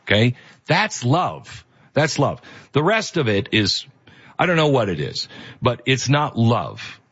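A man's voice: mid-range voice, huge pitch swings, measured pace, fairly bright tone, slightly rough, lo-fi sound. A male host giving earnest, emphatic opinion commentary.

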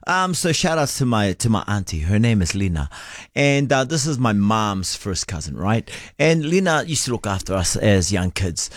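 A man co-hosting a casual chat, telling a story in an animated way, laughing often. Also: lowish voice, normal speed, no echo, clean studio sound.

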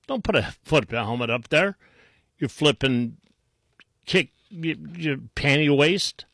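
Sarcastic talk radio host, slow and dry. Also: male voice, a little high, lively intonation, a bit bright, no room sound. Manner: mocking, sarcastic, with many restarts. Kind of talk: combative talk radio commentary.

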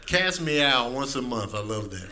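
A man doing a stand-up comedy set, telling stories in a playful, animated way and often laughing as he talks. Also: medium pitch, measured pace, noisy background.

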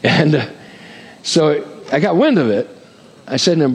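A man's voice: a little high, animated, normal speed, pauses often, husky, long reverb tail. A man preaching a sermon as pastor, conversational, with humorous asides and frequent questions to the congregation.

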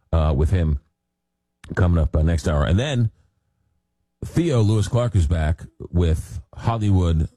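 A man hosts a late-night talk radio show in a relaxed, rambling way, hunting for words and filling gaps with ums. His voice sits very low and mellow. The studio sound is close and dry. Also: dry recording. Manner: rambling, searching for words with many fillers. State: recovering from a cold. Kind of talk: casual radio monologue. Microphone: studio microphone.

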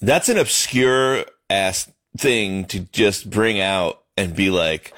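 A man's voice: sits low, takes it slowly, a bit bright, no room sound, studio quality. A man co-hosting a casual chat, a chef who teases and laughs often. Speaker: co-host, chef.

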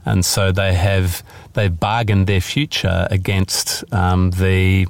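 Deep-voiced author, thoughtful and halting. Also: male voice, level tone, gravelly, dry recording. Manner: thoughtful, hesitant with many fillers. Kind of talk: interview about his novel.

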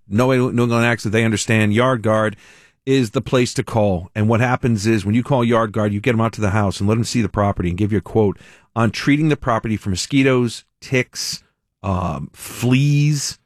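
A man's voice: medium pitch, dry recording, studio quality. A man hosting a talk radio show who talks in a rambling, chatty way, repeats himself and stops to correct himself mid-sentence. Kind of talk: rambling live ad read.

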